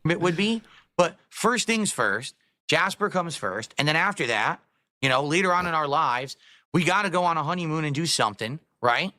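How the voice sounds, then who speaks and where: A man's voice: a little high, lively intonation, normal speed, sharp tone, dry recording, clean studio sound. A man in a played stream clip, ranting defensively and repetitively about his own life.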